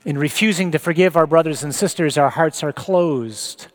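A man's voice: a little high, normal speed. A man preaching a sermon, reading scripture and teaching in an earnest, reflective way.

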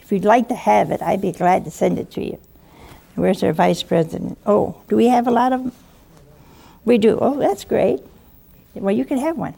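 An older woman giving a lively sermon, acting out voices from the story and chuckling often. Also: medium pitch, normal speed, gravelly, pauses often, breathy edge. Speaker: preacher.

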